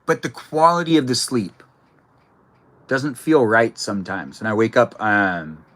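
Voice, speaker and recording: Young male streamer, bright and chatty, talks to viewers on a live stream. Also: mid-range voice, sing-song, measured pace, poor audio. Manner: chatty, reads viewer comments aloud. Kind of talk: casual live-stream chat.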